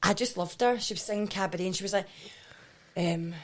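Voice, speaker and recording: A Scottish woman co-hosting a casual chat, loud and sweary, laughing often. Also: mid-range voice, rapid-fire. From Scotland. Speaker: co-host.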